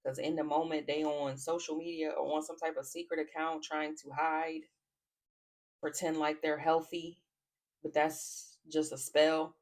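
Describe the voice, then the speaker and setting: A woman's voice: sits low, flat delivery, unhurried, darkish tone. A woman giving a casual tarot reading to camera, blunt and profane, often cracking up laughing. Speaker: tarot reader.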